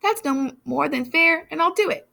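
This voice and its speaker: A woman's voice: sits high, expressive, normal speed, creaky, sharp tone, pitched above the performer's own voice, full character voice. A woman reading aloud, voicing a selfish, cheerfully sly male giant in an airy, teasing way. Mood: agreeable.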